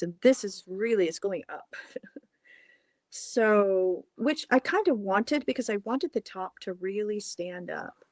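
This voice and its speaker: A woman's voice: medium pitch, no echo, clean studio sound. A woman puppet maker talking casually through her work on a livestream, outdoors, apologizing often. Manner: chatty, self-apologetic.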